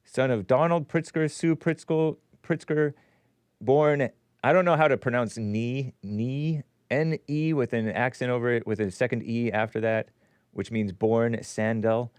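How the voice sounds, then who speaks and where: A man's voice: mid-range voice, steady tone, unhurried, a little mellow, clean tone, no room sound. Sarcastic male talk-show host. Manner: sarcastic, mocking asides. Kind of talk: live-stream commentary show.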